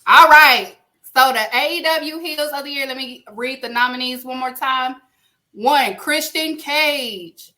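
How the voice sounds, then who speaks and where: A woman hosting a casual podcast award show, announcing winners with playful, drawn-out emphasis. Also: high-pitched, pushed and bright. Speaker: podcast host.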